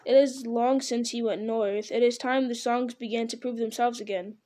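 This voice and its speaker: A woman's voice: on the high side, fairly even intonation, mellow, lightly acted. A woman reading aloud, voicing a hopeful townsman talking of returning gold. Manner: quick, hopeful.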